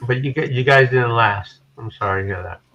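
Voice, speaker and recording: A man's voice: mid-range voice, sharp tone. Man asking questions over dull lo-fi audio. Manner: asks quick follow-up questions. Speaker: stream participant. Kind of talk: casual chat.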